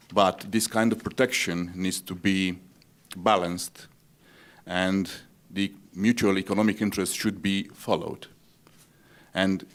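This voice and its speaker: A man speaks as a diplomat on a trade panel. His voice is very deep, and he builds his answer in measured, formal sentences. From Romania. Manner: measured and formal, policy-minded.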